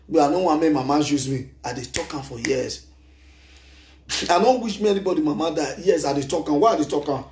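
A middle-aged Nigerian man with a Nigerian accent, giving an emphatic, animated spoken testimony into a handheld microphone, mixing English and Pidgin. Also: fairly high pitch, a little fast, roomy sound. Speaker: speaker giving a testimony at a gathering.

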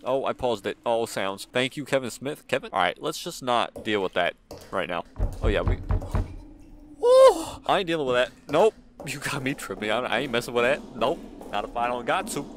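A man's voice: medium pitch, animated, a little fast, noisy background. Jittery young man narrating a horror game. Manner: chatty, nervous, talks to himself while playing. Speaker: gaming YouTuber. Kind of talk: casual horror game commentary. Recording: game music behind voice.

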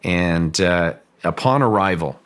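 Deep-voiced man telling a story haltingly. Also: expressive, fairly bright tone. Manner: halting, often repeats words while telling a story. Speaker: guest, ranch owner recounting a story. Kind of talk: interview storytelling.

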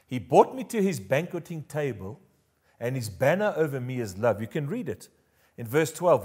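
A man with a South African accent preaching a sermon as pastor, animated and jokey, leading the congregation in call-and-response. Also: medium pitch, normal speed, slightly rough.

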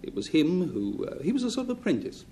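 A man on a game show panel giving a measured, mock-serious explanation of a word. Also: a little high, huge pitch swings, dark tone, slight background noise.

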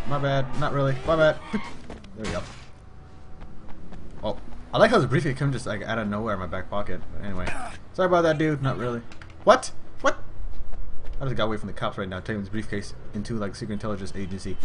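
A man streaming a video game, talking loudly and goofily as he plays, yelping and humming tunes. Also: on the low side, lively intonation, fast, long pauses, music in the background. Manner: loud, goofy, yelps and hums tunes. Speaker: gaming streamer. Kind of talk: excited let's-play commentary.

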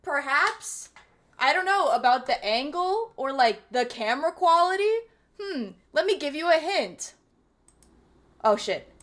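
Young woman, streamer, high voice, bright tone, playful casual chat. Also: expressive, a little slow. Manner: playful, swearing, laughing, reading chat aloud.

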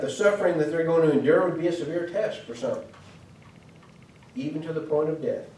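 Preacher, male, earnest teaching tone, mellow voice, echoey church from far off. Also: fairly high pitch, brisk. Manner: earnest, explanatory, with frequent restarts and fillers. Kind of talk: sermon. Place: church hall.

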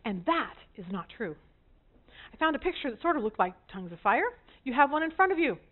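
A woman teaching a women's Bible study group, an animated storyteller with self-deprecating humor. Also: sits high, a little fast. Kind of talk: lively teaching talk to a group. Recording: tinny phone-like sound.

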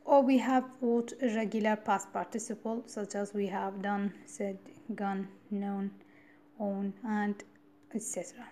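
A woman from Iraq gives a recorded university lecture on grammar, explaining step by step. Her medium-pitched voice is dark and level at a measured pace, and she repeats key points and asks rhetorical "what?" questions.

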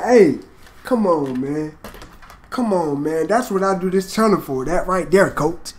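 A man hosting a casual reaction video, excitable and hyped, swearing a lot as he comments. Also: high-pitched, a little slow, slight background noise.

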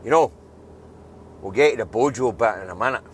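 A man's voice: medium pitch, a little fast, slight background noise. A Scottish man giving an angry, blunt news review, swearing freely and building to emphatic outbursts. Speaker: political video commentator.

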